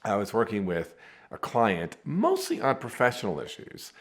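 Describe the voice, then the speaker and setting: Middle-aged male instructor, lowish voice, very expressive pitch, chatty teaching delivery. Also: moderate pace. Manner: animated, conversational, says "right?" and "like" often. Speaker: negotiation teacher. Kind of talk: instructional talk with anecdotes.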